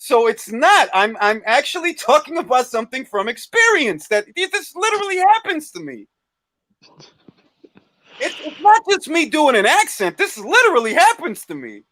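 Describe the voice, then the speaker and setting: Animated man hosting boxing chat. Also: extremely high pitch, moderate pace, no echo. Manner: animated, joking, blunt. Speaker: livestream host.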